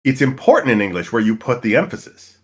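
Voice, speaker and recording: A man's voice: medium pitch, sing-song, fast talker. A man chatting casually between turns of a tabletop game, rambling with many restarts and fillers. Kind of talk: casual chat.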